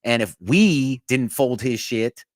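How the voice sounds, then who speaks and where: A man hosting a podcast, a former corpsman, telling service stories in an animated way, laughing and acting out quotes. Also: mid-range voice, takes it slowly, no room sound. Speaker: podcast host, former Navy corpsman with Marines. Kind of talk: casual storytelling chat.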